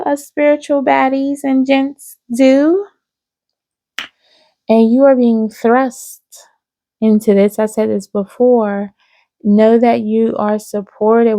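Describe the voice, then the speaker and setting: A woman giving an intuitive spiritual reading to her viewers, speaking slowly and soothingly with frequent "okay?" check-ins. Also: fairly high pitch, dark tone, no echo. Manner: slow, drawn-out, soothing, with many "okay?" asides. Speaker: psychic reader.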